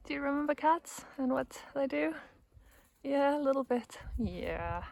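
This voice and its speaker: A woman's voice: fairly high pitch, steady tone, moderate pace, creaky, a little mellow. A woman chatting casually through a vlog, talking her camera through her garden, and baby-talking to her pets. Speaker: vlogger. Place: outdoors at a rural house and garden.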